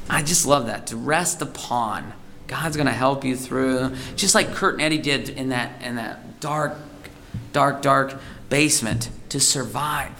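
A man's voice: mid-range voice, vocal fry, fairly bright tone, slight background noise. Earnest man preaching casually. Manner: conversational, rambling, gets emotional. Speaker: lay preacher. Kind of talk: informal sermon.

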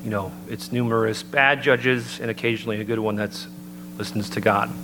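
A man giving an earnest, measured sermon-style talk and citing scripture as he builds his points. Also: fairly low pitch, fairly even intonation. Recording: noticeable background hum.

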